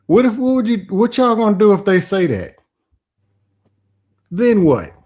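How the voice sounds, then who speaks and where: A man talks bluntly on a relationship podcast. His pitch swings widely as he argues. He keeps it loose and casual. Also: measured pace, breathy edge. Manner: blunt, animated, acts out quoted voices. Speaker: podcast co-host. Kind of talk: casual chat.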